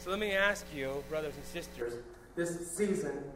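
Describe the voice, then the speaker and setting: A man's voice: on the high side, normal speed, a bit bright, slight background noise. A middle-aged man, a pastor, preaching a conversational sermon full of questions and asides. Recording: echoey church hall, from a distance.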